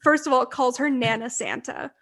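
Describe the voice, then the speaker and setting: A woman's voice: high-pitched, expressive, normal speed, fairly bright tone. A young woman co-hosting a book podcast, chatting casually and gushing as she retells scenes with frequent laughs. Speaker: podcast co-host. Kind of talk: casual book-club chat.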